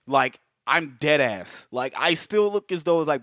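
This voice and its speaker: A man co-hosting a movie podcast, with a slightly higher voice for a man. He chats casually, swears a lot and uses plenty of slang, getting worked up as he tells stories. The sound is dry and close. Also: unhurried, no room sound. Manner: profane, animated, slangy storytelling. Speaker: podcast co-host.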